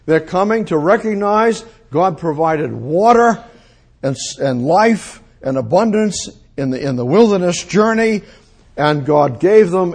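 A man's voice: fairly high pitch, breathy edge. A man preaching a sermon in an emphatic way, repeating his phrases and breaking into exclamations.

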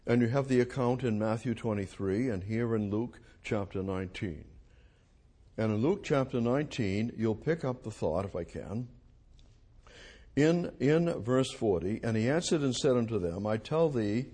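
A man preaching an expository sermon, reading scripture aloud and moving between hushed, slow phrases and loud emphatic lines. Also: medium pitch, expressive, slightly rough.

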